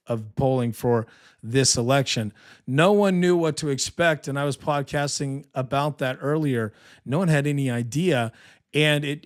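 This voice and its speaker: A man hosting a casual live election podcast, rambling and sarcastic, tired from little sleep but excited. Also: medium pitch. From California. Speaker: political podcast host.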